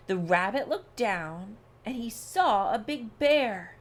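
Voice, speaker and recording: A woman reading a rhyming picture book aloud for listeners, in a sing-song storyteller manner. Her voice is fairly high and very lively in pitch, and she reads at a very slow, deliberate pace. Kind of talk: read-aloud storybook narration.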